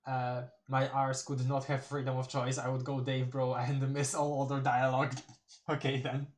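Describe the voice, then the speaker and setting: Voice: medium pitch, level tone, moderate pace. A streamer doing a casual live read-through of a webcomic, giggling, rambling and restarting words. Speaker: streamer reading a webcomic aloud.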